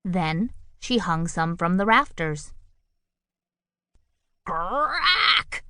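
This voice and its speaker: A woman narrating a children's picture book audiobook with expressive, playful storytelling on a close studio mic. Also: fairly low pitch, measured pace, no room sound.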